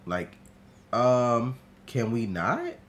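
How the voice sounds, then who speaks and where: Excitable, cursing male game streamer. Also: mid-range voice, drawn-out words. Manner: excitable, profane, talks to himself and the game. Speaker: gaming streamer. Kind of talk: casual gameplay commentary.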